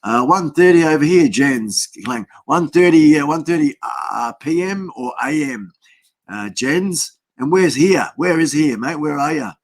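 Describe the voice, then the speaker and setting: A man's voice: on the high side, animated, a little slow. Aussie bloke hosting a live stream from his desk, loose and chatty, lots of ums. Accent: Australian. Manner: rambling, chatty, lots of fillers and greetings to viewers. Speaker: livestream host. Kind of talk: casual live-stream chat. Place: home desk setup.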